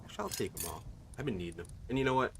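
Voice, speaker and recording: Bright-voiced chatty male streamer. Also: fairly low pitch, lively intonation, racing, a little hiss or hum. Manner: rambling, chatty, asks viewers questions. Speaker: livestreamer. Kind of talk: casual gaming commentary.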